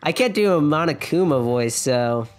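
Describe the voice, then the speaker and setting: A young woman with a lowish voice gives casual, jokey commentary while playing a video game. She reads the dialogue aloud and often breaks off to giggle. Game music plays faintly under her voice. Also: lively intonation, moderate pace, darkish tone. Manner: jokey, giggly, self-interrupting. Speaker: let's play streamer.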